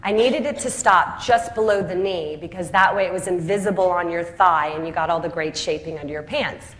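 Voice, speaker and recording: A woman telling the story of how she built her business, lively and laughing at her own anecdotes. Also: mid-range voice. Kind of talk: storytelling talk. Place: home city Atlanta.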